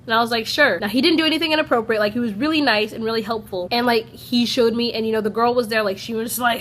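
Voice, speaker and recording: A woman's voice: on the high side, quick pace, a bit bright, slight background noise. A young American woman chatting through a personal story on her vlog, peppering her talk with "like" and acting out what people said. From United States. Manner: chatty, fills speech with "like", acts out quoted people. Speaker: vlogger. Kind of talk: casual storytime.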